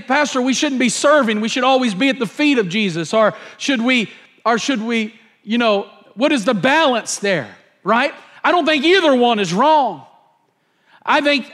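High-voiced pastor preaching. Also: male voice, fairly bright tone. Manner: repetitive, emphatic, acts out scenes. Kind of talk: sermon.

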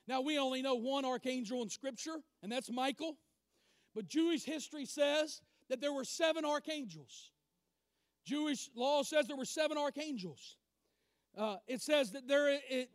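A man preaching a sermon, emphatic, swinging from loud declarations to quiet asides. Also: extremely high pitch, no room sound, studio quality.

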